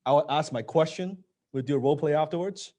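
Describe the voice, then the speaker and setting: Blunt male sales coach, casual and profane, slightly high voice, goes quiet for emphasis. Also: quick pace. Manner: blunt, swears, drops to a low emphatic voice. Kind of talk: live training session.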